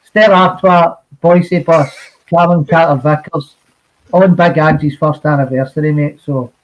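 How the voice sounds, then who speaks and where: A man with a slightly high voice joins a casual football podcast as a guest. He talks haltingly, repeating words and swearing as he goes. His audio sounds dull and lo-fi. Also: fairly even intonation.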